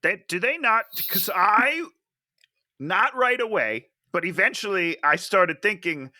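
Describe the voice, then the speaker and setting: A podcast co-host with a high, bright voice riffs sarcastically on a bad comedy in a casual movie review chat, breaking into character voices to mock its lines. Very animated, he speaks at normal speed with wide pitch swings. The recording is dry and close, with no room sound.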